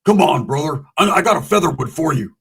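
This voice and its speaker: A man's voice: on the high side, lively intonation, fast talker, gravelly, fairly bright tone, husky, full character voice. A man voicing his pushy hustler buddy, who coaxes and keeps calling him brother. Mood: coaxing. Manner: coaxing, calls everyone brother.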